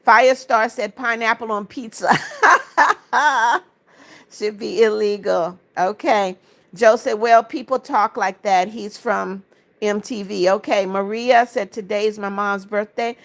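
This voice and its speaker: A woman from Florida hosting a casual livestream, reading viewers' comments aloud and answering each with friendly greetings and blessings. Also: mid-range voice. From Florida, United States. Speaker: livestream host.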